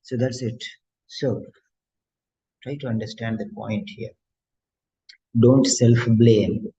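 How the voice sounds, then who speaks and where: A man coaching students for an exam, giving a preachy motivational talk in a mid-pitched voice and repeating lines for emphasis. The sound is dull and lo-fi. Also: fairly even intonation, slow, warm tone. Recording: dull lo-fi lecture audio.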